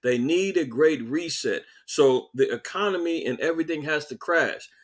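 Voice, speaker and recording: A man hosting a podcast, delivering animated, sarcastic political commentary with mocking asides. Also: a little high, normal speed. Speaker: podcast host.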